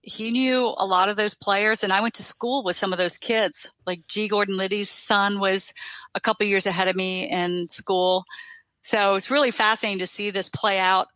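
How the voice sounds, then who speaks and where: A woman's voice: mid-range voice, fairly even intonation, normal speed, fairly bright tone, no echo. A woman from Washington, D.C., a company CEO, telling stories with ease as a guest in a casual interview.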